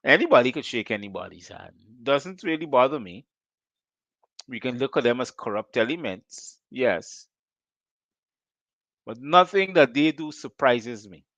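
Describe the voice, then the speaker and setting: A man's voice: medium pitch, very animated, a little slow, long pauses, a bit bright, no room sound, lo-fi sound. A Guyanese man hosting a call-in show, firing off rhetorical questions in a fiery political monologue.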